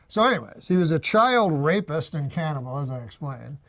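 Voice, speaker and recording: A performer delivers a comedy bit with a mock-serious, deadpan delivery. The pitch still rolls and swoops widely between phrases. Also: brisk, hardly any pauses.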